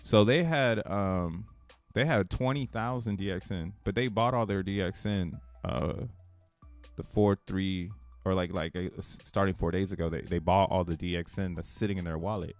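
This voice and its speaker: A man giving casual, excitable live-stream commentary, thinking aloud and swearing freely in slangy talk. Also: low-pitched, moderate pace, soft background music. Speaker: crypto streamer.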